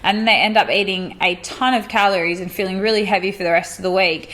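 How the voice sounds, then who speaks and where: A woman's voice: mid-range voice, steady tone, quick pace, fairly bright tone. A woman co-hosting a casual podcast chat as a coach, explaining at length with long lists of examples.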